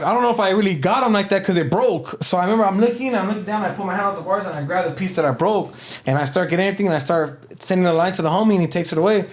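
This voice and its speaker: A man being interviewed, telling a long story in a loose, slangy way with lots of fillers. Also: high-pitched. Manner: loose, slangy, rambling delivery with many fillers. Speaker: interview guest.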